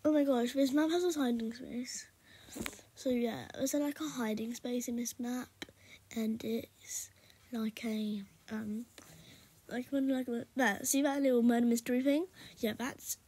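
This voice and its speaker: British female gaming vlogger, chatty, low half-whisper, slightly high voice. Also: fairly even intonation, unhurried, slight background noise. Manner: often speaks in a hushed half-whisper; rambling and chatty, talking to viewers. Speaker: gaming YouTuber. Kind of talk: casual gameplay commentary.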